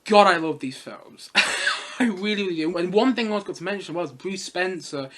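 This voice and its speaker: A young man reviewing films in a casual vlog, excitable and gushing, rambling along with bursts of laughter. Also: sits high, moderate pace, slight background noise. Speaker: film reviewer.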